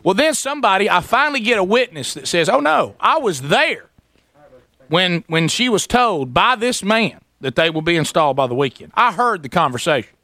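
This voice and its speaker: A man, hosting a talk radio show and telling a story in a lively way, acting out the people in it. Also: sits high, normal speed, dry recording. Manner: animated, acts out quoted voices, sarcastic. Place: radio studio.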